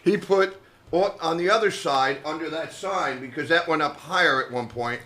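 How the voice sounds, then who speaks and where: Bright-voiced older man telling stories. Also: a little high, normal speed. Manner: animated anecdote teller who acts out quoted voices. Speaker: comedian guest. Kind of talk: casual storytelling chat.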